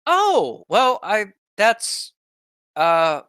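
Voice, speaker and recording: A man's voice: mid-range voice, a little slow, bright, forceful tone, dry recording. A man voicing a prim, overly polite woman cleric who heads a church, flustered and stammering.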